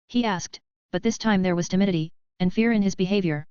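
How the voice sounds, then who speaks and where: Smooth-voiced woman narrating an audiobook. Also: medium pitch, fast talker, few pauses, a little mellow, no echo. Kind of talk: scripted narration. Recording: dull, muffled audio.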